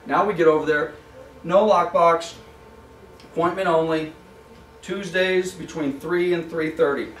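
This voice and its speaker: A man's voice: on the high side, measured pace, long pauses, a little hiss or hum. A man teaching a live real estate training class, acting out short dialogues with clients and sellers in shifting voices. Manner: animated, acts out little dialogues with shifting voices. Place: office training room. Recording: echoey room, mic at a distance.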